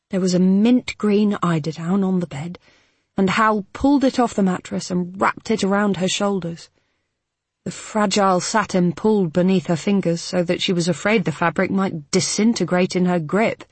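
Audiobook narrator: measured, even reading, slightly husky voice, dry close studio sound. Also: mid-range voice, no echo. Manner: measured, even storytelling delivery.

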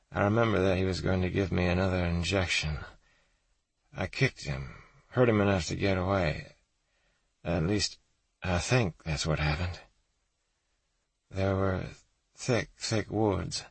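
A man's voice: low-pitched, vocal fry, breathy edge, dry recording, heavily acted. A man voicing a shaken young woman survivor.

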